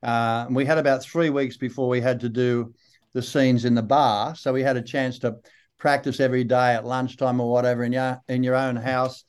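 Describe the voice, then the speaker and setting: An older Australian man with a broad accent, a guest actor telling unhurried, rambling stories in an interview. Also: mid-range voice, flat delivery, a little mellow, clean tone. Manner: unhurried, rambling storyteller with many fillers. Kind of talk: relaxed interview anecdotes.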